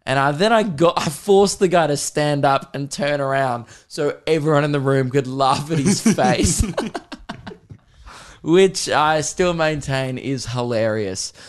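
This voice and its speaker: A young Australian man, in his twenties, hosts a podcast and takes his time, speaking slowly in a fairly high voice. His casual chat is full of rambling, swear-filled comic tales.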